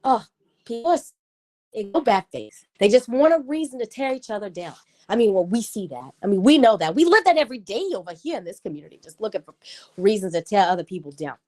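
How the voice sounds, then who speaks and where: A woman's voice: mid-range voice, very animated, fast, dark tone. A woman in her thirties hosting a casual livestream, chatting with viewers and getting heated as she rants. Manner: chatty, gets heated and ranty. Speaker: livestream host. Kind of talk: casual live chat with viewers.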